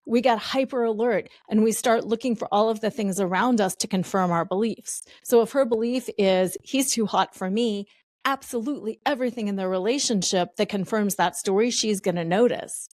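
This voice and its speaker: A woman's voice: mid-range voice, a little fast, hardly any pauses, darkish tone, no echo, clean studio sound. A woman guest on a podcast, explaining her views thoughtfully and building her points through repetition. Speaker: podcast guest, betrayal recovery expert. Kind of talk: reflective interview answers.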